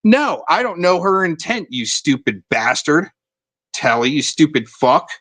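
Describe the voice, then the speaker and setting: A man's voice: a little high, very animated, measured pace, no echo. A man hosting a livestream, ranting and hurling profane insults. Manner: profane, shouting insults, aggressive. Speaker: stream host. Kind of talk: heated livestream rant.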